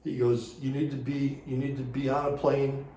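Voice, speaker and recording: A man with a mellow, darker voice tells a story from his racing career, rambling and looping back with repeated "he goes". He sounds set back from the mic in a roomy space with some echo. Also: mid-range voice, level tone, moderate pace, distant mic. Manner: rambling, repeats "he goes" while retelling conversations. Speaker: interview guest, former racing series director. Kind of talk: casual storytelling.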